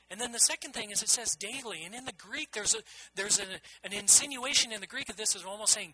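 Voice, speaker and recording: Bright, husky-voiced preaching man. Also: high-pitched, fast talker, few pauses, low-quality recording. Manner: earnest, emphatic preaching with repeated phrases. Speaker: pastor. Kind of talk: sermon.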